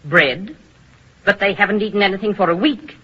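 A woman's voice: medium pitch, moderate pace, slightly rough, lightly acted. An actress playing a nervous woman who tends the prisoners, speaking reluctantly in a 1940s radio drama. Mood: worried. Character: uneasy woman nurse serving a cruel boss. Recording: muffled old radio broadcast.

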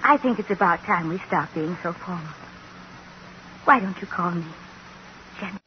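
An actress playing a shy, lonely spinster in a bashful romance, in 1940s radio acting. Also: female voice, lowish voice, lively intonation, moderate pace, close to an everyday voice. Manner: timid and wistful, then coyly forward. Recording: dull, hissy old radio recording.

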